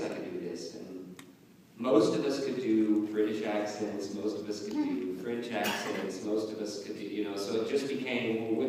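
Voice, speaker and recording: Low-ish male panelist, easygoing and laughing, heard far off in a big reverberant hall. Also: a little hiss or hum. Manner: relaxed, chuckling, rambling storyteller. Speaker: voice actor guest on a convention panel. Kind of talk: casual panel talk. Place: large convention hall.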